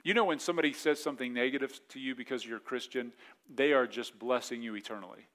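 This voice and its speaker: A male pastor in his forties delivers a sermon in a loose, conversational way. His voice sits at an ordinary middle pitch. He keeps slipping into short voiced asides. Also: a bit bright. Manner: conversational preaching, acts out quick voiced asides.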